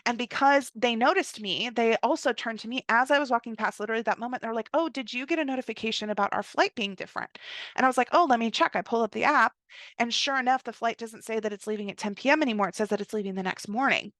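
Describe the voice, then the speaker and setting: Chatty woman telling a story, bright voice. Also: fairly high pitch, fast, dry recording, studio quality. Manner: chatty, heavy use of "like", animated quoted asides. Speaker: podcast host. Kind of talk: casual storytelling monologue.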